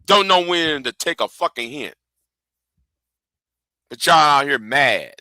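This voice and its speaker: A man's voice: a little high, lively intonation, slow pace, sharp tone, dry recording. A man hosting a livestream, ranting angrily and profanely, often repeating himself and stumbling over words. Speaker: livestream host. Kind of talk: heated livestream rant.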